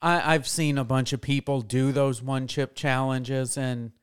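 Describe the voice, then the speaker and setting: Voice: mid-range voice, steady tone, a little slow, smooth. A podcast co-host making dry, wry remarks in casual chat.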